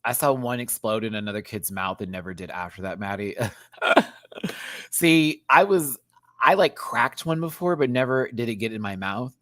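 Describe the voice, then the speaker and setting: In a casual reaction chat, a thirty-something drag show reviewer speaks at normal speed, recounting school and stage stories with animated energy. Swearing comes easily, as do bursts of laughter and squeals, and his pitch jumps between murmured asides and high yelps. The sound is close and dry, without any room sound.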